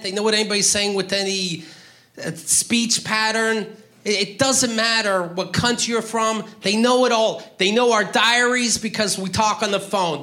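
A man doing a stand-up comedy routine, ranting profanely with sudden loud outbursts. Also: high-pitched.

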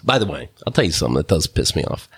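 A man hosting a podcast, telling a story in an animated, profane rant and laughing between bursts. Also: a bass voice, rapid-fire, slightly rough, no echo, studio quality. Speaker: podcast host. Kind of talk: casual ranting storytelling.

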